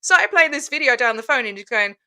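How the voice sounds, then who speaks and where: An Australian woman tells a long story in casual chat over a video call, animated and quick to laugh. Her voice sits a little high and sounds bright and forceful. She slips into the voices of the people she describes. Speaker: guest protester.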